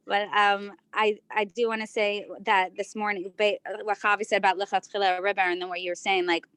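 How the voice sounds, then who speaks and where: A married woman student telling a story from home in a class over a video call, animated with many restarts. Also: mid-range voice, moderate pace, clean tone, dry recording. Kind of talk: sharing in a class discussion.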